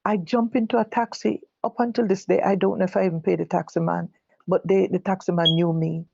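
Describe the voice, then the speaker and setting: An older Jamaican woman giving personal testimony, halting and correcting herself as she recalls what others said. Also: lowish voice, fairly even intonation, creaky, a little mellow, slightly rough, dry recording, highs cut off. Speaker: guest telling her own story. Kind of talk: personal testimony told live.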